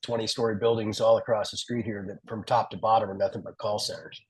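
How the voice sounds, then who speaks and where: A man asking questions on a video call in a halting way, with many fillers and repeated words. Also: on the low side, fairly even intonation, a little mellow, slightly rough, rough recording. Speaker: caller, business owner. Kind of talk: casual Q&A.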